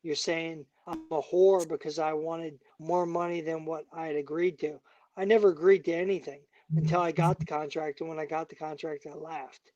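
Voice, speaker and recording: Brief: heated fighter guest, man, high voice, dry muffled sound. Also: steady tone, moderate pace, mellow, dry recording. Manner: angry, profane, emphatic. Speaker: bare knuckle fighter guest. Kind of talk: heated interview talk.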